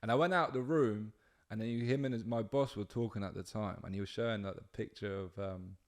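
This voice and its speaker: A man's voice: on the low side, brisk. A young man, hosting a podcast and swapping work stories in casual chat, swearing freely and acting out quotes. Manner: swearing, storytelling with acted-out quotes. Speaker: podcast host.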